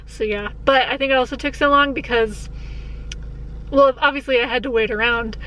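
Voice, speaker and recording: A young woman from Colorado talking casually in a vlog. She is chatty, laughs often and drops into hushed asides. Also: high-pitched, fairly even intonation, normal speed, slight background noise, poor audio. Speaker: vlogger. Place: outdoors on a walk, later at a hospital.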